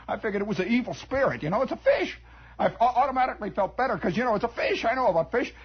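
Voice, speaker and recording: A Midwestern American man telling a story on the radio in a dramatic monologue, hushing for suspense, on a dull lo-fi 1960s broadcast. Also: very high-pitched, racing, husky. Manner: animated, dramatic, drops to hushed tones for suspense.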